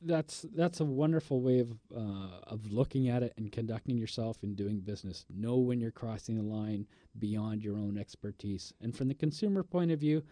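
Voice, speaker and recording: Dark-voiced man, radio guest. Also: lowish voice, no room sound. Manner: measured, advisory, some fillers. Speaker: guest, paralegal. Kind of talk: casual radio interview.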